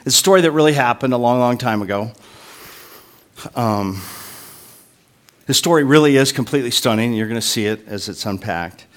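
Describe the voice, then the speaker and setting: A man's voice: mid-range voice, lively intonation, moderate pace, long pauses, a bit bright. Man preaching with joking asides. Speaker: pastor. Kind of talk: sermon.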